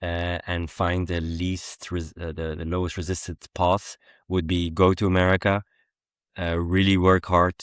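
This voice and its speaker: A young Belgian-accented man co-hosting a podcast in a relaxed, easygoing chat, pausing often on ums and uhs. His voice sits very low and stays quite flat in pitch. The recording is dry and close. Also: clear, resonant tone, no echo. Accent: West Flemish. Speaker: podcast co-host. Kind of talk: casual chat.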